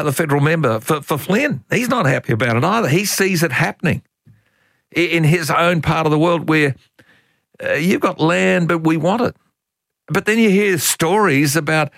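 With a gravelly voice on the high side, an older Australian talkback radio host sounds animated and fed up, sharing folksy, opinionated views and laughing along. The recording is dry.

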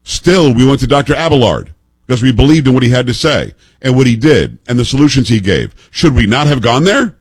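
A man's voice: mid-range voice, expressive, fairly quick, slightly rough, no echo. A man in his fifties hosting political commentary, emphatic and sarcastic, firing off pointed rhetorical questions. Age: 50s.

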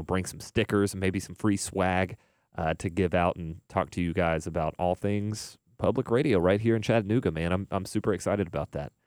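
Man, young, very deep voice, radio DJ, relaxed rambling chat, dry studio mic. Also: dry recording. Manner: relaxed, rambling, filler-heavy.

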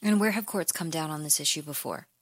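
Female news host, deep-pitched and composed, dry studio sound. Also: quick pace, slightly rough, no echo. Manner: composed, questioning. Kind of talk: radio news interview.

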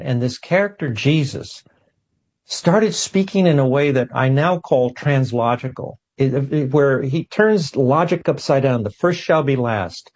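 Husky, animated man telling a story. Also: medium pitch. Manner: animated storytelling, repeats words. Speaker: guest scientist. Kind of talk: talk show interview.

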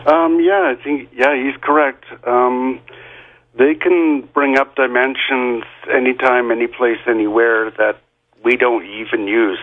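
A man's voice: mid-range voice, steady tone, unhurried, narrow, tinny audio. A male radio guest explaining ideas hesitantly, with many ums. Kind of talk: radio interview.

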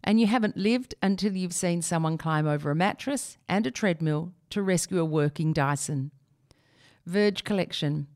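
A woman with a slightly low voice reads a humorous column aloud. Her delivery is wry and expressive, leaning playfully on the jokes. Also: normal speed. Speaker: reader. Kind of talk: reading a humorous opinion piece aloud.

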